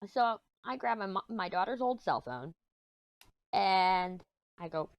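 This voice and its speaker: A woman's voice: mid-range voice, very animated, measured pace, no echo, lo-fi sound. Giggly, rambling middle-aged woman. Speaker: diamond painting vlogger. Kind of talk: casual chat while crafting.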